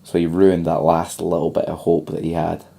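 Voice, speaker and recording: A man's voice: deep voice, monotone, normal speed, gravelly, mellow, breathy edge. A young man co-hosting a casual podcast, retelling a film plot at length with lots of ums. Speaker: podcast co-host.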